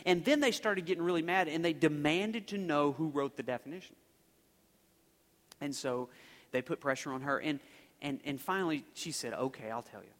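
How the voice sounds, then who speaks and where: A man's voice: on the high side, moderate pace, a bit bright. Male preacher, conversational and rambling, reverberant sanctuary sound. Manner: conversational, rambling with restarts and fillers. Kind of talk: storytelling sermon. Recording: long reverb of a large hall.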